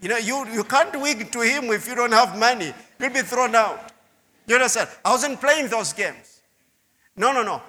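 A man's voice: very high voice, animated, normal speed, pushed and bright. A man preaching a sermon testimony, telling his story with repeated words and asides to the listeners. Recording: long hall reverb.

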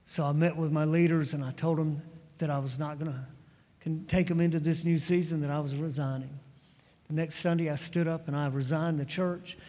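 A middle-aged male preacher tells a personal testimony during a sermon, stumbling and restarting often as he narrates. His voice is a little high, mellow and fairly quick, with fairly even intonation. The recording carries a long hall reverb.

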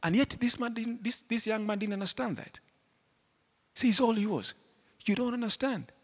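A man preaching a sermon, animated, swinging between loud emphatic lines and hushed ones, often laughing. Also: high voice, moderate pace. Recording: hall reverb.

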